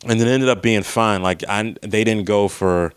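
A comedian telling a rambling, profane story about a stressful drive in casual monologue. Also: male voice, lowish voice, moderate pace, clean tone, no echo, studio quality. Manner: profane, rambling, animated retelling.

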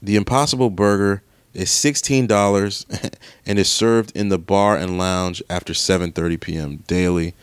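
A man's voice: low-pitched, fairly even intonation, moderate pace, smooth, dry recording. A young man hosting a podcast, chatting casually and grumbling with exasperation as he thinks aloud and swears. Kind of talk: casual solo chat while browsing online.

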